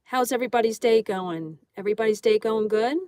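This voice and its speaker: A woman hosts a relaxed livestream and talks easily while she draws, greeting viewers by name. Her voice sits a little high. The sound is close and dry, with no room echo. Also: brisk. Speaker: livestream host. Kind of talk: casual chat reading viewer comments aloud.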